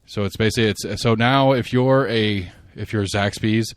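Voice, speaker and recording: A man hosts a casual podcast chat. He rambles and restarts, animated, with plenty of fillers. The sound is dry and close. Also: fairly low pitch, normal speed, no echo. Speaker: podcast host.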